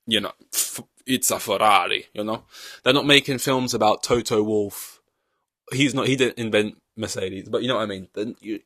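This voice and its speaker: A man's voice: fairly low pitch, a bit bright, no echo. A young man hosting a podcast in casual chat, rambling through long-winded analogies and poking fun at himself. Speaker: podcast host.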